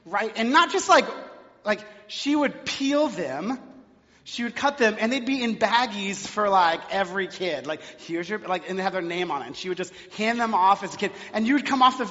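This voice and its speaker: A pastor preaches a sermon in a church sanctuary, telling stories in a chatty way full of fillers. His voice is high and sharp, and the dull lo-fi recording carries a long reverb.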